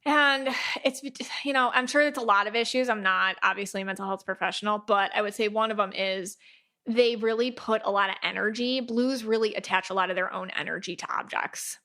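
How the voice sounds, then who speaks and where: A woman hosting a podcast, talking in a chatty, animated way and acting out little quoted voices. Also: mid-range voice, fairly quick. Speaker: podcast host, aura reader. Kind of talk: casual podcast talk.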